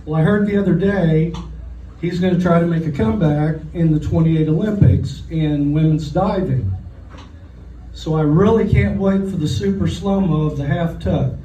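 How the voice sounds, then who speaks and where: A man in his sixties from Oklahoma doing a deadpan stand-up set at a restaurant comedy night. He tells his stories in a dry voice and slips into short quoted voices for the people in them. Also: a little high, moderate pace, lo-fi sound. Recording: echoey room, voice heard from a distance.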